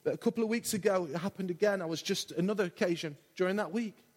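A man from England preaches a sermon in a large church hall, impassioned and repetitive in delivery. His voice sits high and moves fast, and the recording carries long church hall reverb.

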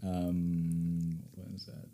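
A man's voice: low voice, monotone, extremely slow, gravelly, warm tone. A young man as a podcast guest, giving short, hesitant answers with a lot of "uh" and frequent laughs. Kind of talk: casual chat answering questions.

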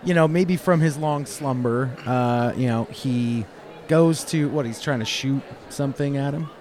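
A man's voice: mid-range voice, unhurried, a little mellow. A man running a tabletop game talks in a mid-range voice. He narrates loosely, cracking jokes and stalling with fillers as he works out what happens next. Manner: casual, joking, hesitant with fillers. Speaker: game master.

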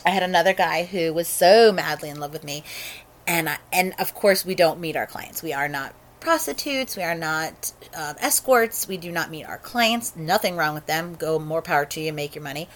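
Frank, low-voiced woman storyteller. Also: expressive, moderate pace, a little hiss or hum. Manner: frank and matter-of-fact, with many fillers and restarts. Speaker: phone sex operator. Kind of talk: candid conversational storytelling.

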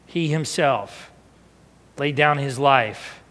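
A male pastor telling a personal story in a sermon, animated and expressive, sometimes falling to a hushed, emotional tone. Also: mid-range voice, very slow. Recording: long hall reverb.

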